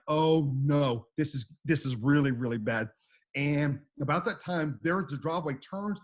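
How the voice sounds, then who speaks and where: Animated rambling storm-chaser storyteller man. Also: fairly high pitch, slightly rough. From United States. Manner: rambling, repeats words, acts out quotes.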